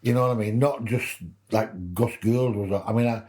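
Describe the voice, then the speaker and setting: A man's voice: on the low side, normal speed, darkish tone. An older man with a Wigan accent telling anecdotes as a podcast guest, laughing through his stories. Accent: Wigan, Lancashire. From England. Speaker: guest, former rugby league player. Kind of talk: casual storytelling in interview.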